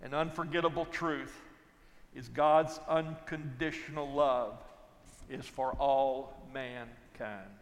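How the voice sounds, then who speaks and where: A man's voice: mid-range voice, fairly even intonation, slow. Older man preaching in a hall. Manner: wide swings from loud to hushed, folksy storytelling. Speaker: pastor. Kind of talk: sermon.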